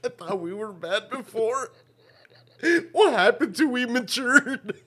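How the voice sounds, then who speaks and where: A man's voice: extremely high pitch, animated, slow pace, pushed and bright, husky. A man co-hosting a podcast, trading crude jokes with a friend, laughing often and swearing a lot. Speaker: podcast co-host. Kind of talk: casual crude banter.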